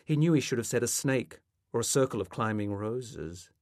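A male author reading a passage of his literary novel aloud in a measured, expressive way, close to the microphone. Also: mid-range voice, no room sound.

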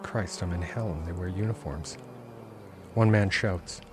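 A man, the author, reading aloud from his own novel in a measured, intense first-person narration. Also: sits low, noisy background. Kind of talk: literary reading.

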